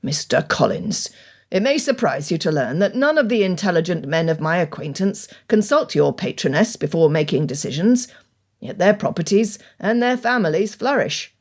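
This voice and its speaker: A woman reading an audiobook, voicing a stern older male country gentleman with dry, cutting wit and measured speech. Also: sits high, big pitch swings, heavily acted. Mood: irritated.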